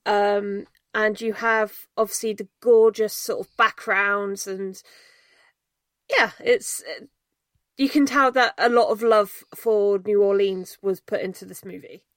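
A woman's voice: medium pitch, steady tone, slow pace, dry recording. A woman co-hosting a podcast, casually summing up a film's story with plenty of ums. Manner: chatty, plenty of ums, laughs easily. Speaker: podcast co-host. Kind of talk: casual film discussion.

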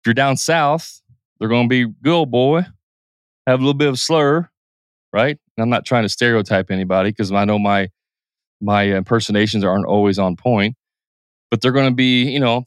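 Podcast host guy, casual talk, mid pitch, dry close sound, plays with his speed a lot. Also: clear, resonant tone, no echo. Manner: shifts pace and pitch to illustrate, with quick impressions.

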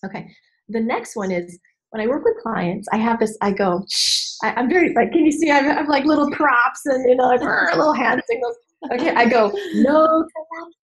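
Animated woman coach, fairly high voice. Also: fairly quick, rough recording. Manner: animated, acts out voices and inner dialogue; emphatic, repeats key phrases. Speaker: business coach. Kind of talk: candid podcast conversation.

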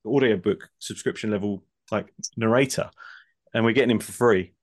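A man's voice: on the low side, normal speed. A man co-hosting a comedy podcast, chatting casually and rambling apologetically with lots of fillers. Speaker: podcast co-host and writer. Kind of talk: casual chat.

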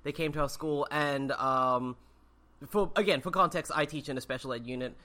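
A man co-hosting a casual podcast chat, telling anecdotes in an animated way and often breaking into laughter. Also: on the high side, moderate pace. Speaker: podcast co-host.

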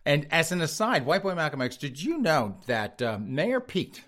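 A man's voice: fairly high pitch, big pitch swings, moderate pace, hardly any pauses, a bit bright. A man hosting a podcast, reading headlines and mocking them with sneering sarcasm, often laughing at his own jokes. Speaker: podcast host. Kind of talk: sarcastic news commentary.

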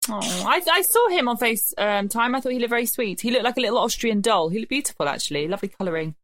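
A woman in her thirties co-hosting a podcast, telling stories in a brisk, dry way and swearing for comic effect. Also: a little high, lively intonation, fairly bright tone, no echo. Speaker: podcast co-host. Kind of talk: casual chat.

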